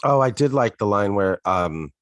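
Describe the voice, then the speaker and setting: A man's voice: fairly low pitch, expressive, moderate pace, no echo, clean studio sound. A man co-hosting a podcast, making wry, reflective remarks in a casual chat about a TV episode. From United States. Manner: wry, reflective, joking asides. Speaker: podcast co-host.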